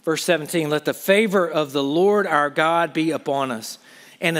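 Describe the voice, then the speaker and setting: Male preacher, high voice, impassioned and pleading; reverberant hall sound. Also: a little slow, fairly bright tone. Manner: impassioned, pleading, conversational asides. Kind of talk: sermon.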